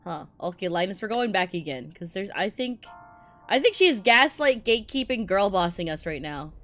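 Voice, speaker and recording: Over soft background music, a woman with a mid-range voice narrates her live gameplay at a moderate pace. She jokes around, laughs often, stays excitable, and is easily frightened into yelping.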